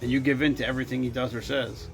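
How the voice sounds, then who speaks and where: Gravelly-voiced man in blunt, teasing chat. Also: medium pitch, flat delivery, very fast, over music. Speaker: show host. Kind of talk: casual chat.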